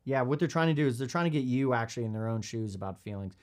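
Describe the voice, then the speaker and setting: A man hosting a podcast, talking bluntly in casual commentary while reading from a parenting book. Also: racing. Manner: animated, blunt, swears, acts out kids in high voices. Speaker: podcast host.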